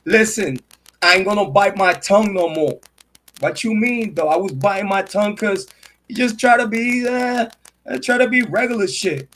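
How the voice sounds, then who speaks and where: A man's voice: sits high, normal speed, a bit bright, rough recording. A man hosting a casual livestream monologue, talking in boastful, swaggering street slang about himself. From Puerto Rico. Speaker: true crime and sports commentary host.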